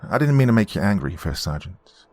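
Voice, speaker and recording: A man's voice: lowish voice, very animated, a little fast, a little mellow, pitched above the performer's own voice. A man voicing a young, nervous Army private who talks eagerly and stammers. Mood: flustered.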